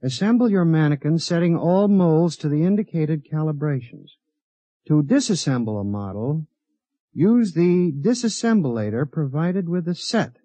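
An actor playing a hapless young lawyer who hesitates and gets flustered, in a muffled vintage radio drama recording. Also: male voice, a little high, lively intonation, normal speed, mellow, no room sound. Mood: reading. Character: hapless young male lawyer, nervous and eager. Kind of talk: 1950s radio drama acting.

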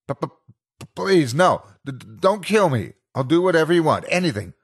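A man's voice: deep voice, very animated, slow, vocal fry, a little mellow, breathy edge, exaggerated voice. A man voicing a terrified young man who stammers and pleads, in a spoken horror story.

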